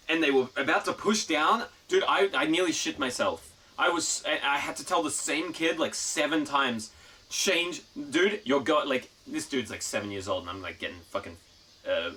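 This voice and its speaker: Guy streaming, bright tense voice, a bit off mic, swears a lot and rambles. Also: medium pitch, distant mic. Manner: profane, animated storytelling with rambling restarts. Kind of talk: casual chat to a live stream. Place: outdoors in the mountains.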